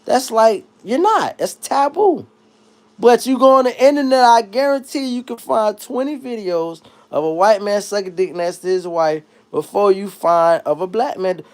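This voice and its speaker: This livestream host, a man, picks out chat messages and riffs on them in a relaxed, funny rant that veers from loud high blasts to muttered asides. He sounds animated and keeps a moderate pace.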